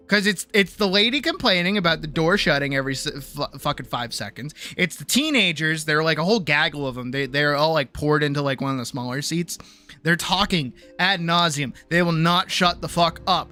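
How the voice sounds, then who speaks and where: A woman streamer casually telling a story, animated and exasperated, swearing freely and acting out the people she talks about. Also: on the low side, brisk. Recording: faint music behind.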